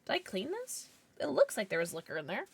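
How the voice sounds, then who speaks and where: A woman's voice: medium pitch, wildly swooping pitch, quick pace, gravelly, husky. A woman streaming live, chatting casually with viewers and cooing over her pets. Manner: bubbly, coos over her pets, laughs often. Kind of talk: casual livestream chat.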